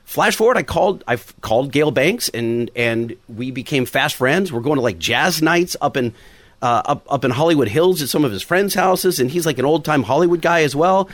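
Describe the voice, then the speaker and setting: A man's voice: a little high, lively intonation, normal speed, no room sound. Rambling man telling a story. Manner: rambling, goes off on tangents. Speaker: podcast guest. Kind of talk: casual storytelling chat. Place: home recording.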